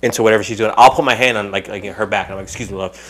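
A man's voice: lowish voice, fairly even intonation, very fast, fairly bright tone. A man co-hosting a comedy podcast, telling jokey stories in casual chat. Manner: jokey, tells stories with mock voices. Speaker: podcast co-host.

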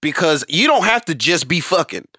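A man's voice: a little high, very animated, moderate pace, bright, forceful tone, dry recording, clean studio sound. A man on a podcast, teasing and telling stories in casual chat. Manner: playful, teasing storytelling. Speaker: podcast co-host.

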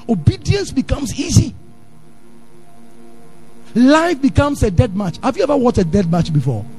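A Ghanaian pastor preaching a sermon in church, animated, drifting into sing-song and acting out his stories. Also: very high voice. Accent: Ghanaian English.

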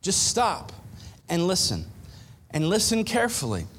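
A man preaching a sermon in a church, easygoing and humorous, talking to the congregation as if in conversation. His voice sits a little high for a man. A faint rumble runs under the recording. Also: wildly swooping pitch, unhurried, fairly bright tone. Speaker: pastor.

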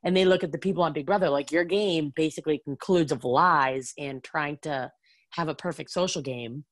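A woman chatting casually about reality TV, full of "like" and quick asides. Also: sits low, dry recording. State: has the hiccups.

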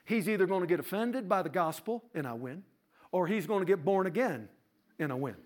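Animated preaching man telling a story. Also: sits high, brisk. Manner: animated storyteller, rising to laughing shouts. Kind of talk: sermon testimony.

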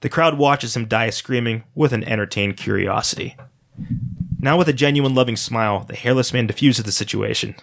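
A man reading a dark first-person story aloud as a storyteller, in a dramatic, steady manner. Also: medium pitch, normal speed, gravelly.

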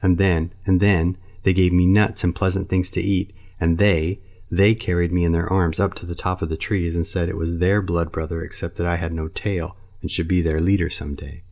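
A man's voice: deep voice, little pitch movement, normal speed, hardly any pauses, darkish tone. A man reading a storybook who voices a boastful, sulky boy raised by wolves, eager and pleading.

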